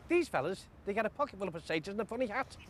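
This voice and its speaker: A blustering middle-aged football manager, barking blunt pep talks at his squad. His voice sits high and swoops widely. A faint hiss lies under it. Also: lively intonation, very fast. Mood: rallying. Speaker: national football team manager. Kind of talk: film acting.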